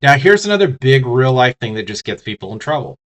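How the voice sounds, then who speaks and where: A man in the middle pitch range talks fairly quickly and with great animation. He has the hiccups while teaching business communication in an informal lecture, speaking right to his audience and peppering his talk with fillers and false starts.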